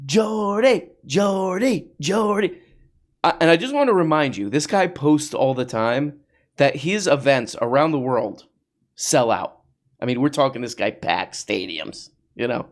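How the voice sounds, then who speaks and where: A man's voice: mid-range voice, expressive, normal speed. A man hosting a comedy podcast, riffing mockingly on social media posts with sarcastic asides. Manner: mocking, with sarcastic put-on voices. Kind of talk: riffing commentary.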